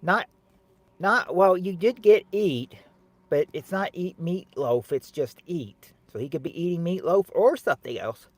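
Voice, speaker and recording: Guy hosting a game show stream, kinda high voice, jokes around with chat and yells out the answers. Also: animated, unhurried, no room sound. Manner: jokey and teasing, calls out answers loudly and repeats them. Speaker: livestream host running a family game show game. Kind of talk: casual livestream chat, reading viewers' guesses.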